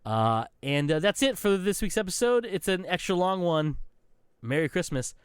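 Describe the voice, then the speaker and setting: A high-pitched man speaks at a moderate pace with a clean tone, in a studio-quality recording free of room sound. Co-hosting a podcast, he tells animated gaming stories casually, swearing and acting out quotes.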